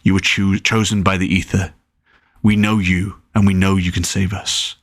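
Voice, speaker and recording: A man voicing a solemn, mysterious spirit with a deep, whispery voice in a storybook reading. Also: level tone, normal speed, no echo, studio quality.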